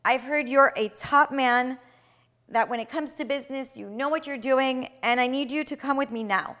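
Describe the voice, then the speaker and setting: A brisk, urgent male messenger delivers his request in a spoken tale, voiced by a woman storyteller. The voice is fairly high. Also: a bit bright.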